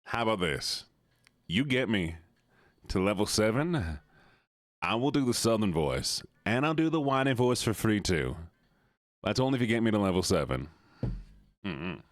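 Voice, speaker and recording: A man's voice: fairly low pitch, sing-song, moderate pace, pauses often, no echo, studio quality. A man streaming to his viewers in casual chat, playful and laughing often as he thanks them.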